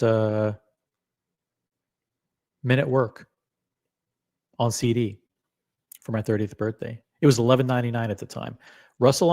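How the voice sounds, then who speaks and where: A middle-aged man hosting a live stream, excitable and rambling, with many fillers and some swearing. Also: mid-range voice. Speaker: host. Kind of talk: casual live-stream chat.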